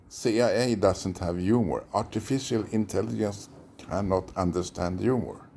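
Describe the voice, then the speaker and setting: A man's voice: low voice, normal speed, vocal fry, a little mellow, slight background noise. A man with a Swedish accent, a former therapist, delivering a rambling, intense monologue that sometimes drops into a whisper. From Sweden. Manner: intense, conspiratorial, lapsing into whispers.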